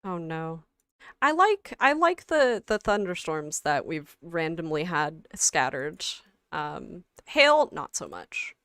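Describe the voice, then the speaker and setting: A woman co-hosting a game livestream in casual chat, halting and full of fillers and restarts. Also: deep voice, very animated, fairly bright tone, clean tone, no echo, clean studio sound. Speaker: stream co-host.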